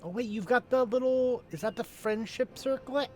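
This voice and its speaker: A man's voice: very high voice, normal speed, a little mellow, faint music behind. A man streaming a video game, chatting casually in a rambling, self-mocking way. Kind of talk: casual game commentary with voiced readings.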